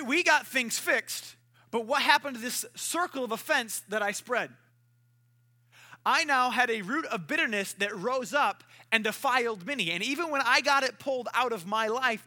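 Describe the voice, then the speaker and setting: A man's voice: very high voice, bright, forceful tone. A man preaching a sermon as a pastor, telling stories animatedly and acting out conversations in other people's voices.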